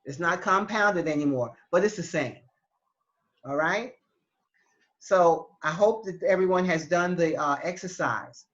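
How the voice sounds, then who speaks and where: A woman teaching Spanish in an online class, explaining patiently with halting restarts over a video call. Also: fairly low pitch, highs cut off.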